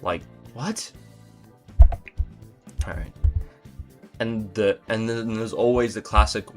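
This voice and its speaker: A man's voice: fairly low pitch, fairly even intonation, slow pace, pauses often, faint music behind. A young man doing a comedic rant to camera, exasperated and incredulous, with exaggerated outbursts. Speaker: comedy vlogger.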